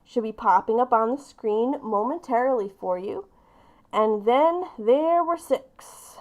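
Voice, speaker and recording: A woman's voice: fairly high pitch, measured pace, a little mellow, highs cut off. A woman live-streaming as she opens gifts, chatting casually and gushing with delight. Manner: bubbly and gushing, often breaking into squeals and laughs.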